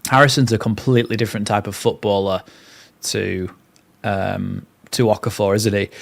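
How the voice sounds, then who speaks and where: A man's voice: on the low side, flat delivery, moderate pace, creaky. A young man hosting a live watchalong, mixing play-by-play with chatty, rambling asides. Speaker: fan channel host.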